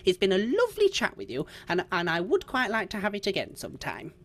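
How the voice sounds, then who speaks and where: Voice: mid-range voice, wildly swooping pitch, fast talker, fairly bright tone, voice pushed up, heavily acted. A game master voicing a chatty, muddled elderly woman who rambles politely at a tabletop game. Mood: fussing. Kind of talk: tabletop role-play voice.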